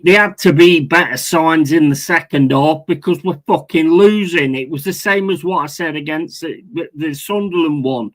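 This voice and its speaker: A man's voice: fairly high pitch, a bit bright, low-quality recording. A man hosting a football watch-along stream, ranting angrily and swearing constantly while he answers viewers. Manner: swears constantly, repeats himself, chats with viewers. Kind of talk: angry live-stream rant.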